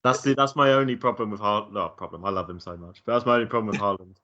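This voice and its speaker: A man's voice: lowish voice, fast, bright, forceful tone, muffled recording. A man co-hosting a casual football podcast over a call, teasing with dry jokes. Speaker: podcast co-host.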